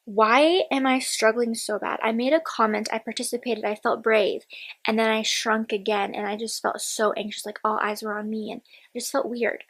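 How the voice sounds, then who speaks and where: A woman's voice: fairly high pitch, level tone, a little fast, a bit bright, husky, poor audio. A woman in her twenties talking casually in a personal diary vlog, rambling and candid, sometimes dropping to a whisper. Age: 20s. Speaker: vlogger.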